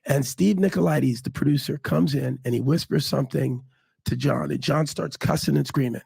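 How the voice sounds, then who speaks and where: A middle-aged man telling stories in a casual interview, animated and acting out quotes. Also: normal speed, gravelly, breathy edge, no echo. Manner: animated, acts out quotes with big pitch jumps. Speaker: guest.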